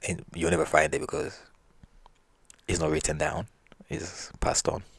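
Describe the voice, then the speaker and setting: A man telling folk stories in a relaxed, rambling way. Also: a bass voice, normal speed, gravelly, slightly rough, no room sound. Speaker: storyteller. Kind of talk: casual folk storytelling.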